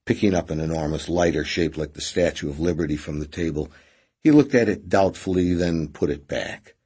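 Deep, husky male narrator. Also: fairly quick, darkish tone. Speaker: audiobook narrator. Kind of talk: scripted narration.

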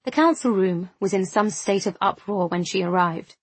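A woman narrating an audiobook in a measured, even way. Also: medium pitch, slightly rough, dry recording.

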